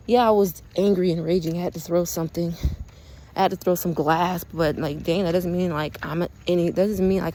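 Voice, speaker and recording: A young woman talking in a casual, rambling spiritual monologue, earnest and quick to laugh, with lots of "like" fillers. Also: fairly low pitch, a little mellow, slight background noise. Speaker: spiritual vlogger.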